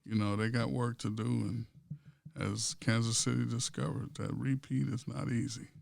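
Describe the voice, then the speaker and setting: A man, a pastor co-hosting a podcast, chatting casually about sports and politics and telling stories that build to loud punchlines. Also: medium pitch, level tone, normal speed, creaky, no echo, studio quality.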